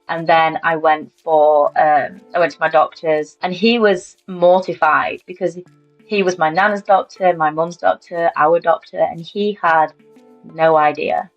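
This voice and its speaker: A British woman in her thirties tells her own story in a candid, matter-of-fact interview, her voice sitting on the lower side. The audio is a little dull and lo-fi, with faint music underneath. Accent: British English. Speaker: interview guest.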